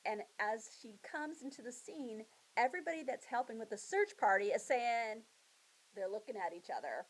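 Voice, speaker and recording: A woman's voice: on the high side, normal speed, rough recording. Chatty woman librarian recommending books. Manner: chatty, animated storytelling with acted voices. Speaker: school librarian. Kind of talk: book review for students.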